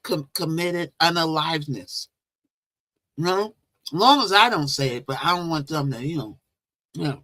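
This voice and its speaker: A woman's voice: sits low, animated, normal speed, pauses often, bright, forceful tone, no room sound. A woman hosting a casual live stream, chatting and repeating herself as she greets viewers. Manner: chatty, repeats phrases, talks to viewers directly. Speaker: livestream host.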